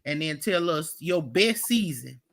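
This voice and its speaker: A woman's voice: low-pitched, animated, a little slow, gravelly, no echo. A woman co-hosting a casual chat, blunt and emphatic. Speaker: podcast co-host.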